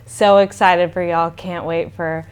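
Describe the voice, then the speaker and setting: Woman, smooth lower voice, good-humored teasing wedding wishes. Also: little pitch movement, a little slow. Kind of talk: wedding video message.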